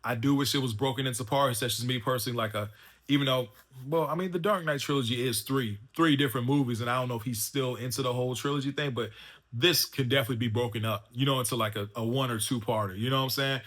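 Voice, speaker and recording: Chatty man with a bright voice. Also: mid-range voice, fast talker. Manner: loose and chatty, full of fillers and restarts like "man" and "you know what I'm saying". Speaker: movie reviewer and channel host. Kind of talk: casual spoken review.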